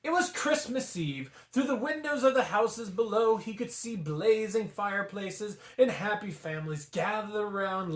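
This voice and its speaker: A man hosting a casual read-aloud vlog, animated and jokey, in an echoey room. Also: high-pitched. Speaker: storybook reader.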